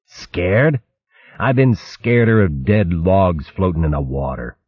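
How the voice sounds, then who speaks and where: A man's voice: deep voice, lively intonation, unhurried, slightly rough, no room sound, lo-fi sound, full character voice. A man voicing a cheeky, boastful male mouse thief who jokes brashly and hurls comic insults. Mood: cocky. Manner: brash, jokey, name-calling.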